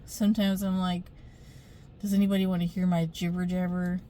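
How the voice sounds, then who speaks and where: A woman's voice: lowish voice, flat delivery, brisk, dark tone. A middle-aged woman telling a rambling storytime vlog into her phone camera, chatty, with many fillers and frequent laughs. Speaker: spiritual vlogger.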